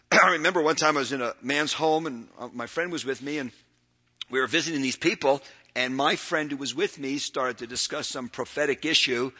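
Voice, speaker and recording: A man, older, preaching a sermon, earnestly reading verses and moving between loud emphatic bursts and quiet, drawn-out phrases. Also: medium pitch, slightly rough.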